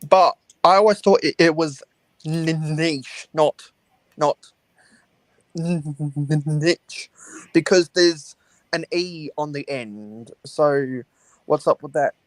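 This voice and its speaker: A man's voice: on the high side, slow, dry recording, low-quality recording. A man chatting on a live stream, hesitant and wry, with many fillers before dry punchlines. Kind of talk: casual live-stream chat.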